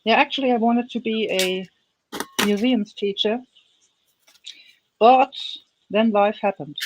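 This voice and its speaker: A woman's voice: medium pitch, slow, a little mellow, highs cut off, slight background noise. A woman in her fifties, a guest on a crafting livestream, chatting casually in a hesitant way and often repeating words as she thinks. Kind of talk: casual chat.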